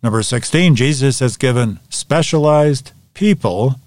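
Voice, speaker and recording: A man teaching a Bible study lesson, working methodically through review questions and answers in a measured way. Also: medium pitch, a little mellow, no room sound.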